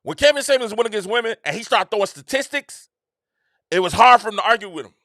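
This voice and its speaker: A man's voice: sits high, expressive, quick pace, pushed and bright, no echo, clean studio sound. A man hosting his own show, talking in a casual, emphatic monologue with slangy, repetitive phrasing. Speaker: show host.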